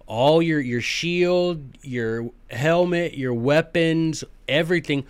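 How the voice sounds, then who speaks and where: A man's voice: a little high, slow pace, few pauses, smooth, no echo. Folksy man teaching history. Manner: folksy, joking, conversational. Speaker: history podcast host. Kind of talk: casual history lecture.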